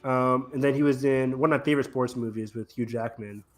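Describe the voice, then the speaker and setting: Male podcast co-host, mid-pitched, casual and eager, meandering through his thoughts. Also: steady tone, fairly quick, soft background music. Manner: rambling, enthusiastic, loose with fillers. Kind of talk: casual chat.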